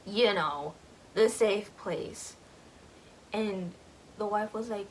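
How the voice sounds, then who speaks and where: A woman's voice: medium pitch, slow pace, pauses often, slight background noise, poor audio. A woman casually recapping a book, rambling, with lots of filler words.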